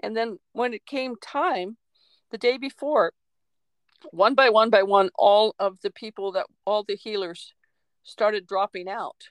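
A woman co-hosting a podcast, a medium telling a story in a lively, chatty way with laughs and acted-out quotes. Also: medium pitch, a little slow, dry recording, rough recording. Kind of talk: casual storytelling chat.

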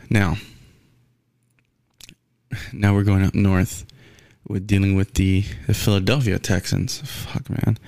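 A man's voice: little pitch movement, takes it slowly, pauses often, darkish tone, no echo, clean studio sound. A man giving a blunt, profane, rambling sports rant in casual talk, full of restarts. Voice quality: gravelly, low.

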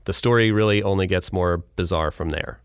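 Smooth, dry-voiced male podcast host. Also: deep voice, a little fast, no room sound. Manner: casual, wry. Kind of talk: scripted narration.

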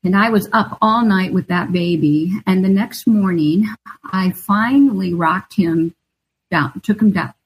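A woman's voice: mid-range voice, a little slow, breathy edge, poor audio. A middle-aged woman, an author and guest, telling a personal story in an earnest, confessional way. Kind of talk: storytelling interview answer.

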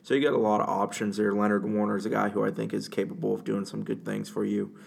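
A man with a low, gravelly voice chats about college football on a podcast. He lays out his analysis in a measured, matter-of-fact way. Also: flat delivery. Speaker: co-host, sports reporter. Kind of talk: casual sports podcast chat.

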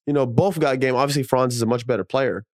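A man, a former professional basketball player, co-hosting a casual sports podcast, talking in an animated, emphatic way with slang and casual swearing. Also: medium pitch, fast, no echo, studio quality.

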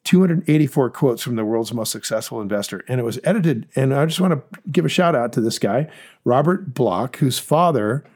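A man co-hosting a casual investing podcast, talking in an animated, rambling way with many restarts. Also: mid-range voice, a little fast. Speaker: podcast co-host.

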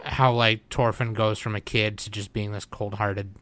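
Bright-voiced young man chatting casually. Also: lowish voice, little pitch movement, normal speed. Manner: laughs a lot, loose and profane. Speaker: podcast host. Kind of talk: casual chat.

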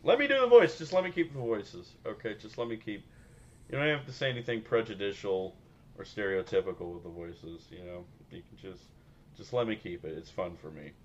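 Deep-voiced guy cohosting a sports podcast, rambling, swears a lot, faint hum behind. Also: animated, brisk, darkish tone, highs cut off. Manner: rambling, profane, laughing often. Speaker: podcast co-host. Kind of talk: casual podcast chat.

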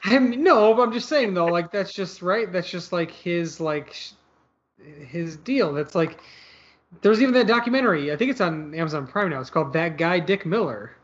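A man's voice: high voice, animated, normal speed. A man chatting casually about a movie, rambling and hedging with lots of fillers. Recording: slightly dull lo-fi audio.

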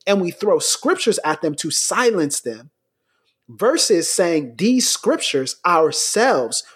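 Middle-aged American man, pastor, husky voice, storytelling chat, laughs between points. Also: on the high side, fairly bright tone. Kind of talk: conversational podcast storytelling.

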